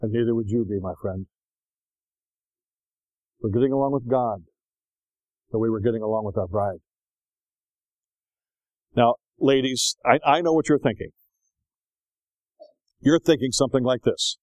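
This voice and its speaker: An older man preaching a sermon in a folksy, animated storytelling way, slipping into voices as he tells stories. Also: medium pitch, unhurried, pauses often, no room sound, rough recording.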